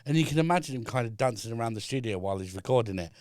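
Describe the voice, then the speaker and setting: A man as a guest on a podcast in a studio, calmly explaining his business ideas with frequent fillers. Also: medium pitch, no room sound. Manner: measured, explaining step by step with many fillers. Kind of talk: casual chat.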